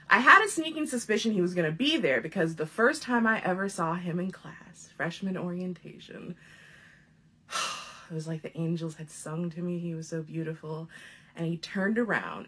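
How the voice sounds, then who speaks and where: A woman in her thirties telling a funny personal story in a casual, profane, animated way, often laughing as she talks. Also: lowish voice, breathy edge. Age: 30s.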